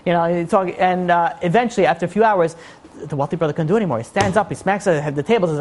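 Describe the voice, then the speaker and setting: A man giving a sermon as a rabbi, telling a story in an animated way and acting out the voices of its characters. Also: high voice, very fast, slight background noise.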